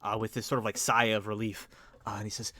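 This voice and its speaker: A man's voice: lowish voice, little pitch movement, fast talker, bright, forceful tone, dry recording. Rambling male game master. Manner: rambling, full of fillers and hedges. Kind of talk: narrating a tabletop game.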